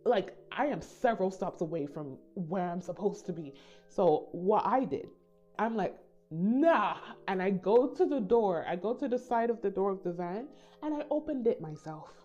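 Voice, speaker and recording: At a moderate pace and in a mid-range voice, a Caribbean storytime YouTuber casually recounts a tale for her viewers, animatedly performing the quoted voices of the people involved. Soft background music plays under a slightly dull recording.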